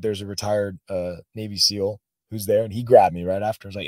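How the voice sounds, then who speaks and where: Low-voiced man telling emotional stories. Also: quick pace, dry recording. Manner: emotional, animated, peppered with "bro" and "man". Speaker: podcast guest. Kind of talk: casual storytelling.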